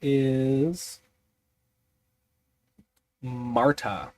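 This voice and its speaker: Sleepy, slow-talking man musing aloud. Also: mid-range voice, steady tone. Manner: musing, halting, many fillers. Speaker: streamer designing a tabletop mystery. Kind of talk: thinking aloud while rolling on tables.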